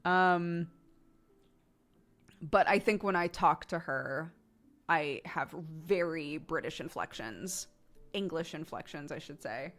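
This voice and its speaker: A woman's voice: low voice, slow, long pauses, fairly bright tone. An American woman in her thirties chatting casually with her stream chat, with lots of laughter and fillers like "um" and "like.". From United States.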